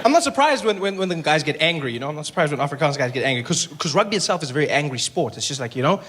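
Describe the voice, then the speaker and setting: Animated South African comedian, high voice. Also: male voice, racing. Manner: animated, switches into character voices. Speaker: stand-up comedian. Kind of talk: stand-up comedy set. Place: comedy venue with live audience. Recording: noisy live room recording, some echo.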